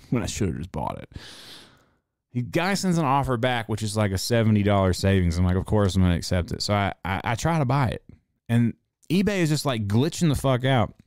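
Profane, animated man telling a story. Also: on the low side, no room sound, studio quality. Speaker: podcast host; tattoo shop owner. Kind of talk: casual monologue.

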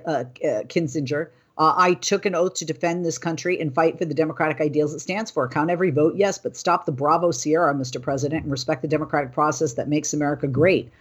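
A woman hosting a news commentary show, reading political quotes and then riffing on them in an animated, indignant way. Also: deep voice, slightly rough, dull audio. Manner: animated, indignant, talking off script. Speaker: host.

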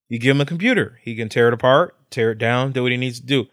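A middle-aged man co-hosting a podcast, talking casually with lots of cursing, laughter and animated storytelling. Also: medium pitch, fast, few pauses, no echo, studio quality. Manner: profane, animated storyteller who laughs often. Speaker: podcast co-host.

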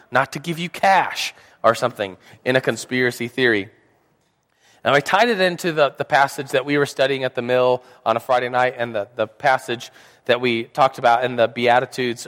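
A man's voice: mid-range voice, fairly bright tone. A young man with a slight sore throat giving a casual church Sunday school talk, rambling and joking with lots of fillers. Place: church hall. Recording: reverberant hall.

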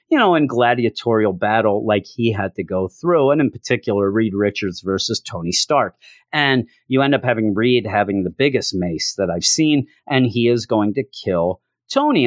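A man's voice: on the low side, no room sound, studio quality. A man giving a rambling, casual comic book review and often acting out the characters' lines as he goes.

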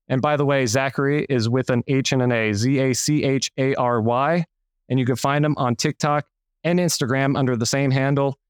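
A man's voice: medium pitch, clean tone, no echo, studio quality. A man hosting an interview podcast, upbeat and playful, hyping up his guest. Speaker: podcast host. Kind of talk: scripted intro, then casual interview.

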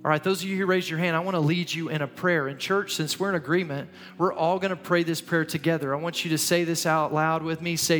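A man's voice: fairly high pitch, steady tone, fast, hardly any pauses. A man preaching as a pastor in a church, earnest and urging, often repeating his phrases. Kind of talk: sermon. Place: church sanctuary. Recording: long hall reverb, soft music.

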